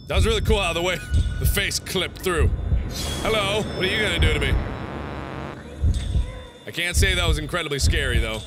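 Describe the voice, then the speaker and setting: A man hosting a let's play of a horror game, excitable, swearing, yelling and mock-taunting. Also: a little high, moderate pace, pauses often. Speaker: gaming video host. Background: game music.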